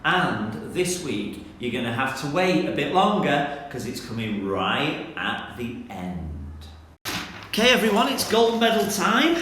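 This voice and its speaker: A man, a primary school teacher, leading an online school assembly for children in an animated, playful way. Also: medium pitch, heavy reverb, slight background noise.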